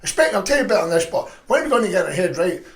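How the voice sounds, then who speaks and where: Fast-talking gravelly man. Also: sits high, reverberant. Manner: profane, rambling, animated. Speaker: podcast guest. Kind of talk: casual storytelling chat.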